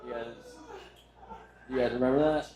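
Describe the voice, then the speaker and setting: A man's voice: medium pitch, steady tone, moderate pace, roomy sound, crowd noise, low-quality recording. A man doing a crude, rambling roast set on stage, making fun of himself along the way. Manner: crude, rambling, self-deprecating delivery. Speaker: roast comedian. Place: comedy venue with crowd.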